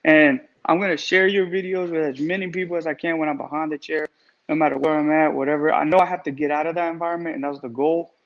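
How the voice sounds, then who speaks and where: A man's voice: a little high, steady tone, fast talker, muffled recording. A man calling in to a live stream, gushing with grateful, repetitive praise as he talks about his recovery. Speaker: guest caller in recovery, barber. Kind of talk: emotional live-stream call.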